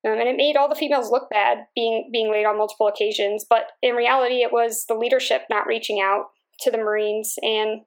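Flat-voiced woman telling a measured story. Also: on the high side. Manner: measured, reflective storytelling with fillers. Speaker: guest, Marine officer. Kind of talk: conversational interview answer.

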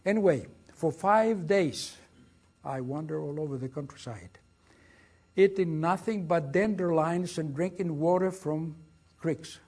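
An older man with a Greek accent recounts his wartime escape in a lecture hall. His husky voice sits a little high, and he tells the story with drama and energy, acting out the lines of the people he quotes. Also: a little slow, a little mellow. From Greece. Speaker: guest speaker.

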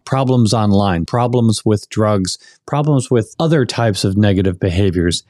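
A man's voice: fairly low pitch, moderate pace, a little mellow, no room sound. Man hosting a podcast, dry sound. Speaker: podcast host. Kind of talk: podcast interview questions.

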